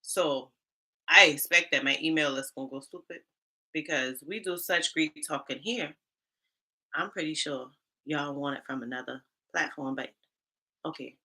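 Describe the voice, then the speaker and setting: A woman's voice: low voice, sharp tone, slight background noise. A woman from Charleston with a Gullah Geechee accent, hosting a casual livestream and chatting straight to her viewers. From Charleston, South Carolina. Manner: chatty, talks straight to the chat. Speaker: HR livestream host.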